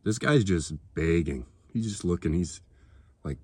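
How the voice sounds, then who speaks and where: A political vlogger with a low, darkish voice rants to the camera for his viewers at a moderate pace, heated and sarcastic and swearing freely. There's no room sound in the recording.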